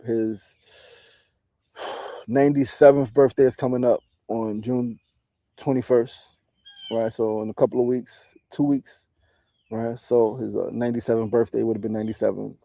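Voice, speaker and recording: Warm-toned and medium in pitch, this man from New City, in his forties, hosts a podcast and teaches meditation. He reflects casually and candidly, cursing freely and ending lines with "right?", with no echo on the recording.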